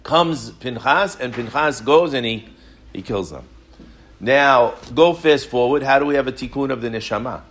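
Telling stories animatedly in a Torah class, a man speaks at medium pitch and a moderate pace, asking plenty of rhetorical questions.

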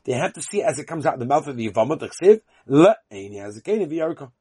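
Husky man chanting a Talmud lesson. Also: medium pitch, animated, a little mellow, no room sound. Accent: Yiddish-inflected Yeshivish English. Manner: sing-song chant alternating with quick explanation. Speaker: Talmud teacher.

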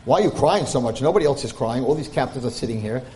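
A man's voice: medium pitch, animated, fast, warm tone, slight background noise. Man retelling a Torah story. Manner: translating Hebrew text line by line, mixing Yiddish and Hebrew terms. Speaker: Torah lecturer.

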